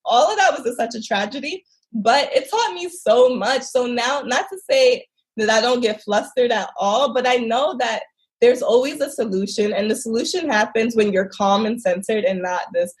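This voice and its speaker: Animated woman telling travel stories. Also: a little high, normal speed. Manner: animated, expressive, laughs often. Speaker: travel guest. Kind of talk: casual interview storytelling.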